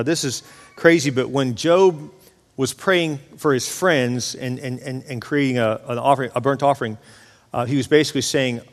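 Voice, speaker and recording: A man preaching a sermon in a lively, conversational way, acting out the voices of the people in the story. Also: a little high, big-room sound. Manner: animated, acts out voices of God and others. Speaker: pastor.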